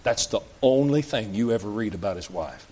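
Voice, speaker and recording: A man's voice: fairly low pitch, lively intonation, brisk, mellow. A man preaching a sermon in a church, folksy and plain-spoken, asking the congregation question after question. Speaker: pastor.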